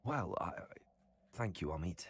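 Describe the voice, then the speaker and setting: A man's voice: low voice, animated, normal speed, slightly rough. A man voicing a polite, slightly hesitant young male student in a video game.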